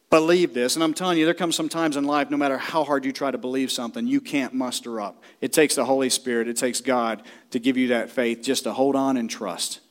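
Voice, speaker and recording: A middle-aged man preaching a sermon, shouting and emphatic, acting out the people in the story. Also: mid-range voice. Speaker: pastor.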